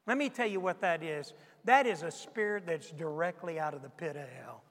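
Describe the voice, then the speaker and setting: A man's voice: on the high side, moderate pace. A man preaching a sermon to a congregation, pressing his point with repeated rhetorical questions. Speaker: pastor. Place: church sanctuary. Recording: long reverb of a large hall.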